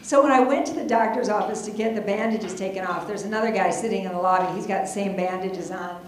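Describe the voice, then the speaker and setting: A woman's voice: mid-range voice, fast, a little hiss or hum. A middle-aged woman telling a comic personal story on stage, chatty and self-deprecating, with many asides. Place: stage before an audience. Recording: very echoey hall.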